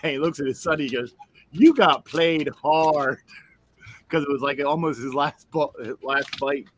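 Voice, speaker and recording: A man with a bright, forward voice tells a rambling anecdote on a stream call. He acts out the people in it with quick voice changes. Faint hiss sits under the line. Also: medium pitch. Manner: animated storyteller, voices the people in his anecdote. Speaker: stream guest. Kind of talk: casual chat.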